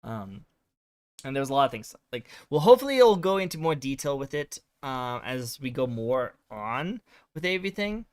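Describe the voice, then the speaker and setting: A man's voice: mid-range voice, sing-song, moderate pace, clear, resonant tone, no echo. A male streamer casually recapping a game's story, rambling with lots of fillers. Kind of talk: casual game recap chat.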